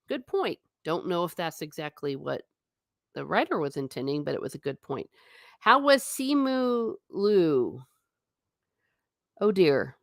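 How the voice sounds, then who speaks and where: A woman's voice: mid-range voice, animated, normal speed, a bit bright, no echo, clean studio sound. A middle-aged woman hosting a casual live stream, chatting and reading viewer comments aloud. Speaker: host.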